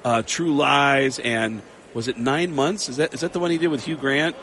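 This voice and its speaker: A man, a comedian and voice actor, telling stories in an animated way as a guest in a casual interview. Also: medium pitch, normal speed, a little hiss or hum. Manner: animated, laughing storyteller. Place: outdoor radio row at a big game.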